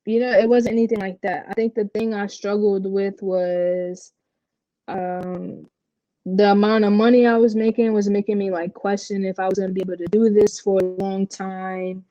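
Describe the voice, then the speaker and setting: A young woman from Puerto Rico talks candidly as a guest in a casual interview. She tells her stories in an animated way with lots of fillers. Her voice is dark and dull, recorded dry with no room echo. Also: mid-range voice, moderate pace. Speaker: interview guest, professional basketball player.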